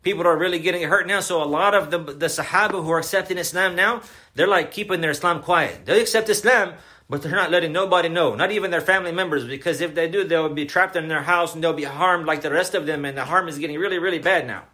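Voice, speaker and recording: This Islamic lecturer speaks fast in a voice on the high side with a sharp tone. His religious lecture is emphatic and repetitive, punctuated by questions to listeners.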